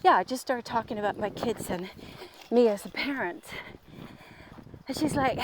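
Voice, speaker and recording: A woman's voice: on the high side, moderate pace, noisy background. A woman telling a personal story while walking outdoors, candid and bubbly, laughing often. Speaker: vlogger on a walk.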